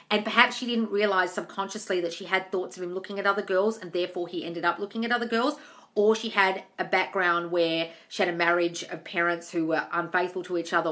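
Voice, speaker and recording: A woman's voice: on the low side, sharp tone. A woman coaching on manifesting in a casual live-stream Q&A, reading out viewer comments and answering them directly.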